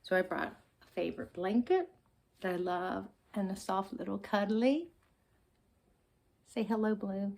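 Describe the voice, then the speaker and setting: A woman leading a gentle relaxation lesson for small children, talking softly, sighing and yawning, and often dropping to a whisper. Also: mid-range voice, vocal fry. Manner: slow, soft, sighing and yawning, drifting into whispers. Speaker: children's calm-time presenter.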